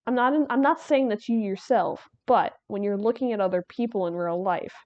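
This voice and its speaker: A woman's voice: medium pitch, brisk, darkish tone, dry recording, muffled recording. A woman streaming while she draws, chatting casually in a rambling way, laughing and restarting her sentences. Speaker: artist streamer.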